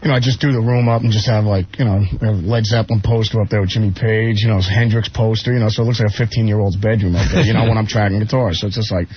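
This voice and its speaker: A man telling rambling, animated anecdotes as a radio guest, often slipping into quoted voices. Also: fairly low pitch, quick pace, few pauses, breathy edge. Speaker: guest musician. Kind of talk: casual storytelling on radio. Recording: muffled radio broadcast with faint hiss.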